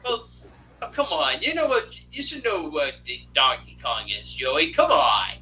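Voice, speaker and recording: Young man, live-stream host, rambling casual chat, very bright tone, slightly high pitch. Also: big pitch swings, measured pace, slight background noise, poor audio. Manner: rambling, joking, lots of fillers. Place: home apartment.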